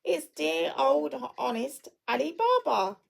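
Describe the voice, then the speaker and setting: A woman voicing an elderly miserly man, excitable and near tears, exclaiming between laughing and crying. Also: medium pitch, normal speed, vocal fry, lightly acted, poor audio. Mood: ecstatic. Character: elderly man, miserly yet giddy and tearful.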